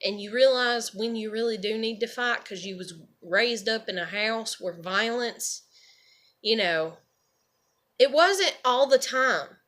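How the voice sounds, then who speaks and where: A woman's voice: fairly high pitch, measured pace, fairly bright tone. A woman rambling casually to camera, swearing freely and leaning on "you know" and "like.". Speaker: vlogger.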